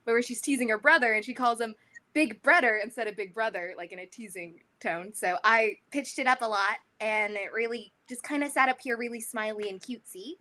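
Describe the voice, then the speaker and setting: A woman's voice: a little high, brisk, hardly any pauses, bright, forceful tone. A woman voice actor on a convention panel, bubbly and giggling as she answers.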